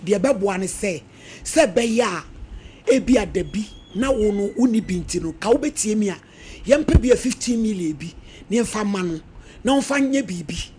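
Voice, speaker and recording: A man's voice: high-pitched, expressive, moderate pace, darkish tone, slight background noise. A male radio host mediating a family dispute on air, probing and questioning the caller. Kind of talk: radio talk show mediation.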